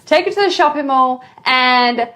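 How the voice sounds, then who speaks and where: A mother telling a parenting story in a casual vlog, animated and dramatic, with big jumps in pitch. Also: moderate pace. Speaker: mother sharing parenting advice.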